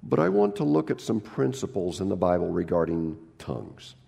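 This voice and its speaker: Gravelly-voiced pastor preaching a sermon. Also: male voice, deep voice, very animated, normal speed, dark tone, in a large hall. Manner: humorous, acts out quoted people in raised voices. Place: church.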